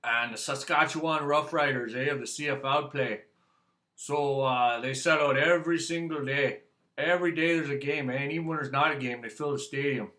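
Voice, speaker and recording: A man's voice: mid-range voice, moderate pace, sharp tone. A man with a Canadian accent, chatting casually as he reviews a beer for his channel, rambling and joking and ending his sentences with "eh". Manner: rambling, jokey, tags sentences with "eh". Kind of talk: casual chat to camera.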